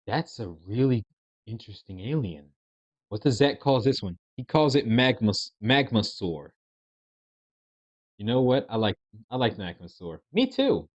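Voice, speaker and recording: A man's voice: mid-range voice, sing-song, unhurried, dry recording. Hesitant rambling man reacting. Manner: rambling, hesitant, many restarts. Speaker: reaction video host. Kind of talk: casual commentary. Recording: dry, dull lo-fi sound.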